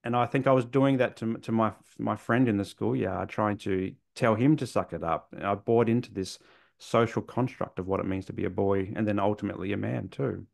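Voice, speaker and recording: Gravelly low-voiced man, earnest. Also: steady tone, fairly quick, darkish tone. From Australia. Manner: earnest, rambling with frequent restarts. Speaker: guest, men's mental health therapist. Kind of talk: reflective interview conversation.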